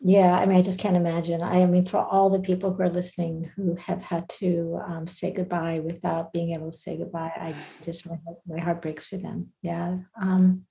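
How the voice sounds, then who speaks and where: A woman's voice: fairly low pitch, level tone, normal speed, vocal fry, hardly any pauses, dark tone, poor audio. A middle-aged woman talking reflectively in a casual interview, laughing often as she shares personal stories. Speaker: guest, near-death researcher.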